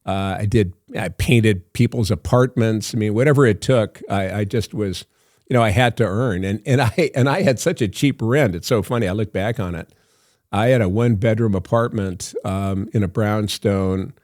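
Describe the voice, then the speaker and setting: A man's voice: on the low side, normal speed, a little mellow, dry recording, clean studio sound. An older man, an actor guest on a podcast, telling long anecdotes full of fillers and laughs. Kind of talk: storytelling in a podcast interview.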